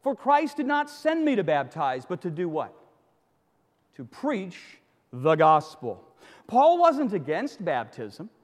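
A man's voice: a little high, big pitch swings, unhurried, in a large hall. A man preaching a sermon as pastor, emphatic, with repeated phrases and rhetorical questions.

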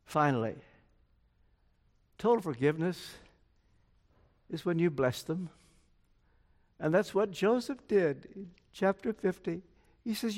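A man's voice: high-pitched, lively intonation, slow pace, pauses often, darkish tone. Older male preacher in a reverberant hall. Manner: storytelling, acts out quoted dialogue. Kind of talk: sermon.

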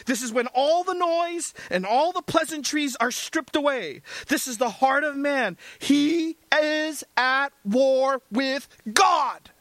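Slow, emphatic male preacher. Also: very high-pitched, dry recording. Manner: slow, emphatic, swings between hushed and fervent. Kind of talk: sermon.

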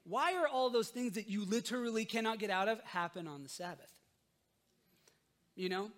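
A pastor delivers an earnest sermon in a notably high voice for a man. He presses his points with emphasis, then sinks into soft, unhurried pauses.

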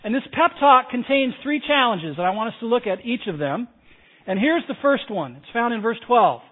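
A man's voice: very high voice, animated, normal speed. A male pastor preaching a sermon, emphatic, repeating key phrases and asking the congregation to respond. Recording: tinny phone-like sound.

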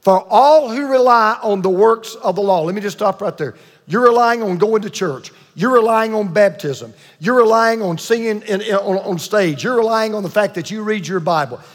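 A man's voice: high-pitched, moderate pace, in a large hall. A man preaching a sermon with emphatic delivery, repeating key points and calling on the congregation to answer. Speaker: pastor.

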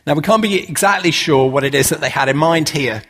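A man preaching a relaxed, conversational sermon, full of "uh" fillers and rhetorical questions. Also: a little high, fairly quick.

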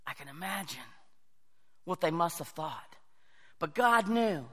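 A man preaching a sermon, telling animated stories and acting out the voices of the people in them. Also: a little high, measured pace, slightly rough. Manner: animated storytelling, acts out quoted voices. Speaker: pastor. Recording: long hall reverb.

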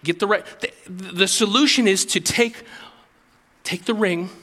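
A male pastor preaching with a high, bright voice. He drops soft for quoted prayers and rises to earnest exhortation. The sound rings with the long reverb of a church hall. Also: a little slow. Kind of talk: sermon.

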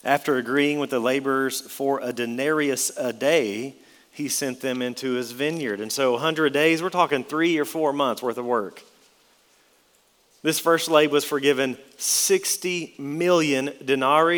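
A man's voice: mid-range voice, moderate pace, a bit bright, big-room sound. A man preaching an expository sermon, emphatic, with his voice rising and dropping for effect.

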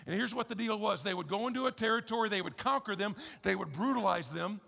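A man's voice: sits high, expressive, quick pace, vocal fry, bright, forceful tone. A man preaching a sermon as pastor, conversational and emphatic, repeating key phrases with wry humor. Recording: echoey church hall.

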